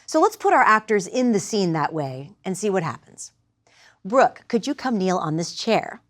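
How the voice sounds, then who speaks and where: Woman teaching verse rhythm, patient and clear. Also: mid-range voice, very animated, normal speed. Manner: clear, patient explaining, directing actors. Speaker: theater instructor. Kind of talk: lecture with live demonstration.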